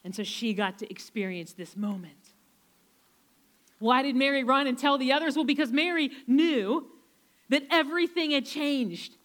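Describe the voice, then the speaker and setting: A woman preacher retelling a story in a sermon, emphatic, repeating phrases and slowing down to stress key lines. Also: sits high, a bit bright.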